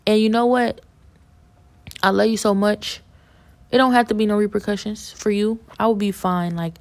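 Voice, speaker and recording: Woman preaching her testimony on a podcast, gravelly low voice, fervent and repetitive. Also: a little mellow. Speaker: podcast guest giving testimony. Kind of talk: impassioned religious testimony.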